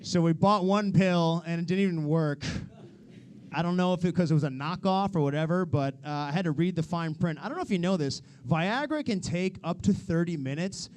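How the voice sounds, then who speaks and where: A man's voice: on the high side, brisk, darkish tone. A young American man performing a stand-up comedy set, self-deprecating and wry, swearing freely. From United States. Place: live comedy stage.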